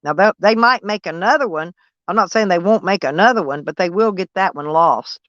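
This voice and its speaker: A woman's voice: lowish voice, animated, a little fast, fairly bright tone, no echo. A woman with a Southern American accent chatting casually on a livestream, rambling and answering viewers by name. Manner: rambling, talks back to chat by name. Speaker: vlogger reading live chat. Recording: dull lo-fi dry sound.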